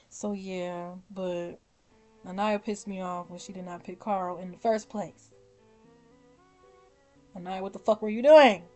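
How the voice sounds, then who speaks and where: A young woman vlogger giving casual, opinionated commentary, animated and blunt, often laughing and swearing. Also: mid-range voice. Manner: animated, swears, laughs often, mimics her own reactions. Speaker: vlogger ranking reality show contestants.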